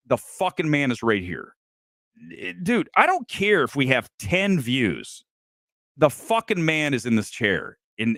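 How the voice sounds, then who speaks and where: Animated, profane live-stream host, male. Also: medium pitch, dry recording. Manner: profane, animated, talks directly to chat. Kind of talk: casual live-stream rant.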